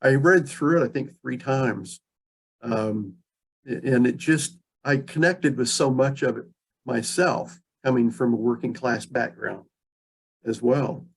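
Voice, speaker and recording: A man's voice: mid-range voice, unhurried, vocal fry, husky. A man hosting an online reading on a video call, praising his guest and chatting in a rambling way. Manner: warm, rambling, full of praise. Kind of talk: casual interview.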